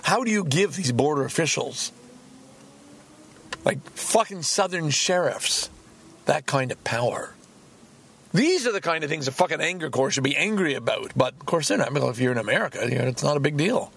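A man's voice: on the high side, lively intonation, moderate pace, creaky, a bit bright, slightly rough. A man hosting a podcast, ranting angrily and profanely with heavy emphasis. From Canada. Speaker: podcast host. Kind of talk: solo podcast rant.

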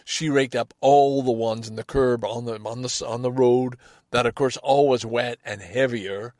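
A man from Canada talks on his own podcast in a loose, rambling solo monologue. He is frank and restarts his sentences often, with the occasional swear. His voice sits at a middling pitch and sounds dry and close, with no room echo. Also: steady tone, moderate pace, a little mellow. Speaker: podcast host.

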